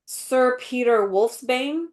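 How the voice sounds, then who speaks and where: Animated woman chatting on a podcast. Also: high voice, slow pace. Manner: animated, acts out quotes in voices, many fillers. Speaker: podcast co-host. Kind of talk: casual chat.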